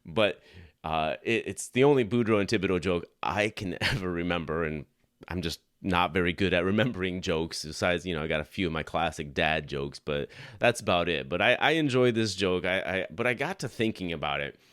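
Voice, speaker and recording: Deep-voiced earnest podcast host. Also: male voice, a little fast, fairly bright tone, smooth, no room sound, clean studio sound. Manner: conversational, earnest, frequent restarts. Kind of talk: Christian apologetics podcast talk.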